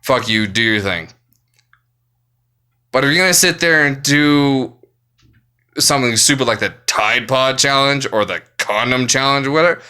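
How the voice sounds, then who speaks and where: A man's voice: medium pitch, pushed and bright, clean tone. A man ranting angrily to camera, swearing nonstop, exasperated and blunt. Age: adult, works full time. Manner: angry, swearing constantly, exasperated. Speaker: vlogger. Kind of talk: profane ranting monologue.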